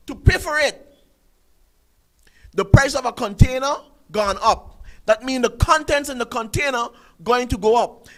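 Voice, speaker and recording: A man's voice: very high voice, a bit bright, poor audio. A man, hosting a talk show and ranting through an emphatic commentary full of rhetorical questions. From Sint Maarten.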